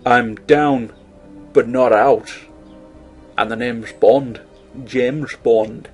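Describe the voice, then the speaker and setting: A man doing an impression of a suave, smug male secret agent, lowering his voice into clipped lines. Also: steady tone, drawn-out words, soft background music.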